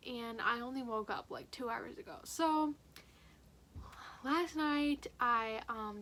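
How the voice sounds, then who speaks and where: A girl in her late teens records a rambling diary vlog on her phone at home, speaking candidly and saying "like" constantly. Her voice is on the high side and a little bright, with slight background noise.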